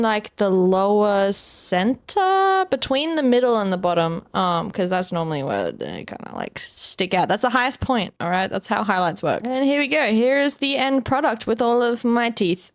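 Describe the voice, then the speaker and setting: Playful young woman with a high voice. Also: no echo, studio quality. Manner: playful, jokey, chatty asides to viewers. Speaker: art tutorial host. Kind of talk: casual drawing tutorial voice-over.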